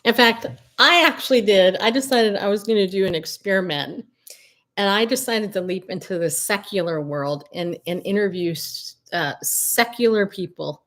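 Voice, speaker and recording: A middle-aged woman hosting a casual livestream from home, telling animated stories with outspoken asides and frequent laughter. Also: medium pitch, normal speed. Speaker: Christian media host and coach. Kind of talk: casual solo livestream talk.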